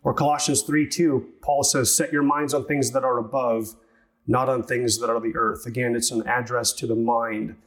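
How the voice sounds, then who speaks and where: A man in the pulpit delivering a sermon at an even, mid-range pitch. He teaches step by step, explaining the passage and leaning on rhetorical questions to draw listeners along. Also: moderate pace. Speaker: pastor.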